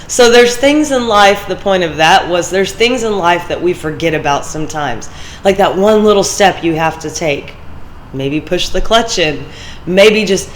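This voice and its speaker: A woman's voice: mid-range voice, slight background noise, low-quality recording. A woman hosting a vlog, talking casually and motivationally, telling stories and laughing often. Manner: chatty storytelling, laughs often. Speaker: vlog host.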